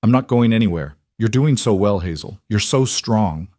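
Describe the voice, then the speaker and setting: A man voicing a devoted young frontier husband who speaks in a gentle, reassuring way. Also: on the low side, expressive, moderate pace, dry recording, studio quality, lightly acted.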